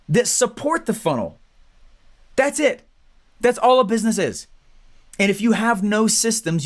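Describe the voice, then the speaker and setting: A man teaching an online business training, talking fast and animated, often checking in with "right?" and "okay?". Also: high-pitched. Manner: fast, animated, acts out quoted clients; keeps tagging lines with "right?" and "okay?". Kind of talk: energetic training talk to viewers.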